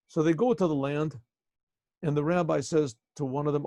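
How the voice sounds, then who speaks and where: Rabbi guy telling a story on a video call, gravelly, keeps clearing his throat. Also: a little high, fairly even intonation, moderate pace, warm tone, no echo, studio quality. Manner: clears throat often, casual retelling. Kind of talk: storytelling lesson.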